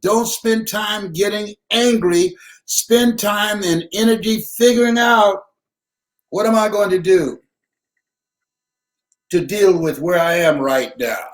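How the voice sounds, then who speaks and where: An older man giving a live motivational talk, telling stories like a preacher, repeating words and shouting out his punchlines. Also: high-pitched, slow pace, pauses often. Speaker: motivational speaker.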